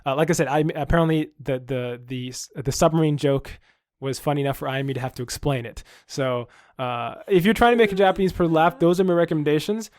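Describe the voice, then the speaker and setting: A man's voice: fairly high pitch, fairly quick, no echo, clean studio sound. A young man co-hosting a podcast, chatting casually and acting out voices as he tells stories. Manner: animated storyteller, acts out quoted voices. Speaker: podcast co-host. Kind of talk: casual chat.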